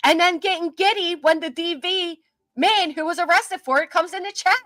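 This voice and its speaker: A woman's voice: very high voice, normal speed, a bit bright, dry recording, studio quality. A woman on a livestream panel making emphatic, indignant points in casual talk. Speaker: panel guest.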